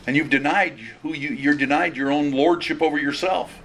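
A man's voice: a little high, steady tone, normal speed, a bit bright, a little hiss or hum. Earnest conversational male preacher. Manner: earnest, conversational, with restarts and quoted asides. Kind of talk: expository sermon.

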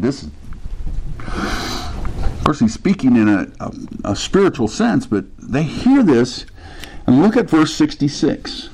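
A man's voice: mid-range voice, darkish tone, rough recording. A man preaching a sermon, talking casually and acting out the voices of people in the scripture he reads. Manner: conversational preaching, acts out quoted voices. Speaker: pastor.

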